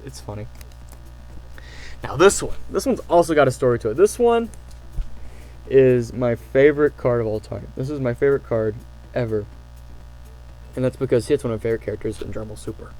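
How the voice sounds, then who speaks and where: A man casually telling stories to camera, excitable and rambling, with lots of fillers and restarts. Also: mid-range voice, a little fast, long pauses, poor audio. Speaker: channel host.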